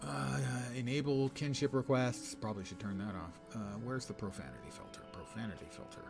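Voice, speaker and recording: Older guy streaming a game, chatty and wry, mutters to chat, medium voice, soft music behind. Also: mid-range voice, brisk, creaky. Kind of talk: casual gameplay commentary.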